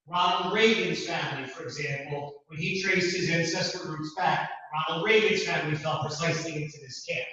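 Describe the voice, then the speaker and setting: A man giving a classroom lecture with a measured, deliberate delivery and emphatic repeats. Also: fairly high pitch, sharp tone. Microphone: distant room mic, also streamed to Zoom. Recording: distant, echoey, dull hall recording.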